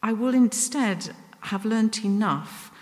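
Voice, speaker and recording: A woman delivers a sermon, earnest and gently self-deprecating, stumbling and restarting now and then. Her voice sits at a middle pitch. A long reverb trails behind her words in a church hall. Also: slow. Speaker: preacher.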